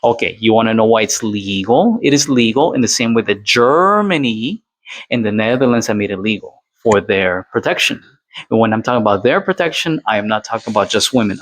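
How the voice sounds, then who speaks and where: A man's voice: on the low side, a bit bright. A man from Colombia doing reaction commentary, lecturing and repeating his points with tag questions. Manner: lecturing, repeats points with "all right?" and "okay?".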